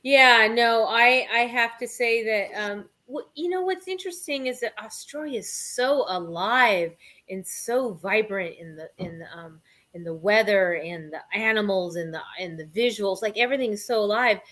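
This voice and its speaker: A woman hosting a casual chat, eager and quick to laugh, with plenty of ums. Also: mid-range voice, pushed and bright. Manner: enthusiastic, laughs often, many fillers. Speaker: host.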